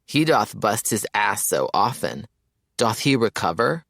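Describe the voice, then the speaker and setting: A man puts on a lovestruck young guy in an audiobook who drawls romantic verse slowly and theatrically. The voice sits a little low and the sound is close and dry. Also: sing-song, creaky, fairly bright tone, no echo, heavily acted. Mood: swooning, dramatic. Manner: slow, dreamy, theatrical delivery.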